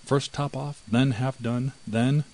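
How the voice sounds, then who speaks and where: A man's voice: steady tone, slow, a little mellow, lightly acted, rough recording. A man voicing a timid, fretful female house mouse in a storybook reading. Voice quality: high and anxious.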